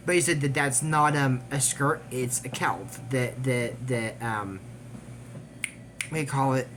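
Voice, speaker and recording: A man's voice: medium pitch, measured pace. Chatty guy rambling thru a cartoon recap, lots of ums, goes off on tangents, faint hiss in the background. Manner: chatty, digressive, trails off with fillers and self-conscious laughs. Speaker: YouTube recap host. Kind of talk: casual rambling episode recap.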